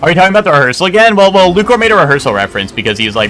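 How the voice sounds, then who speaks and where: Bright-voiced young man streaming a game. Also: high voice, sing-song, rapid-fire, soft background music. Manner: rambling, joking, profane banter. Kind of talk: casual live gameplay chat.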